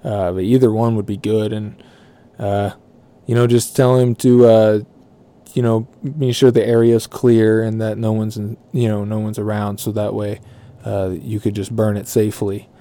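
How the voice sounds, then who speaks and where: A man's voice: fairly low pitch, flat delivery, normal speed, mellow, lightly acted. A man voicing his unbothered boss, offhand with lots of hesitant fillers. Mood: nonchalant. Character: nonchalant male boss.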